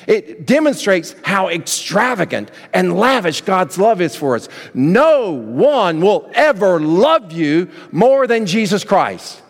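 A man with a high voice preaches to his church, his words trailing into the long reverb of the sanctuary. He is animated and engaging, drawing the congregation in and getting them to read along with him. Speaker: pastor. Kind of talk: sermon.

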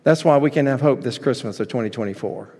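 A man preaching a sermon, telling the story with lively asides and acting out the people in it. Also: medium pitch, quick pace, husky, big-room sound. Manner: animated storytelling, acting out voices. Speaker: pastor.

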